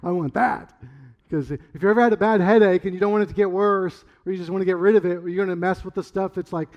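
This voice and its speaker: High-voiced man telling a story. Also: racing, dull audio. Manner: animated, acts out scenes. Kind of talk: stand-up storytelling.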